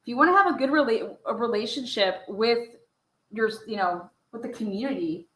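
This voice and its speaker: Commenting on case footage in a casual true crime style, she swears a lot and keeps asking pointed rhetorical questions. Her voice is slightly high, animated, a bit quick and fairly bright, captured in a roomy space on poor audio.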